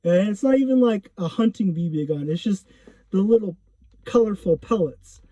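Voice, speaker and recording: A man's voice: high-pitched, lively intonation, moderate pace, mellow, dry recording. A man casually telling a personal story, rambling with lots of fillers and self-corrections. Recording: dull lo-fi recording.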